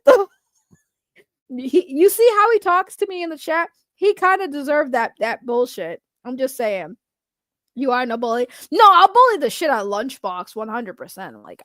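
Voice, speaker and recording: A woman hosting a casual livestream. Her voice is high and leaps around in pitch. She talks with plenty of profanity and frequent laughter, and she sometimes puts on sarcastic denials of innocence. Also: a bit bright, no echo, studio quality. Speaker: livestream host reacting to chat.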